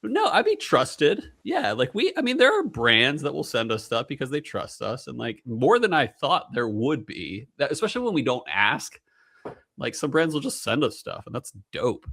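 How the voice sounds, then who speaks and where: Guy hosting a chill podcast, animated, bright voice, rambles and jokes around a lot. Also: mid-range voice, moderate pace. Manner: joking, rambling, lots of fillers. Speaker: podcast co-host. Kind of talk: casual podcast chat.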